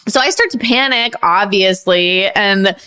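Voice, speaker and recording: A woman in her thirties, a podcast guest, telling a story in casual chat, animated and swearing, acting out the voices of others. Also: mid-range voice, a little slow, clean tone.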